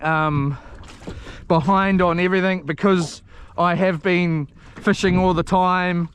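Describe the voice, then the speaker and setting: A man live streaming from a fishing boat outdoors, rambling and excitable, restarting his sentences and cursing mildly, recorded on an action camera. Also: high voice, a little hiss or hum. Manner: excitable and scattered, with frequent restarts and mild cursing.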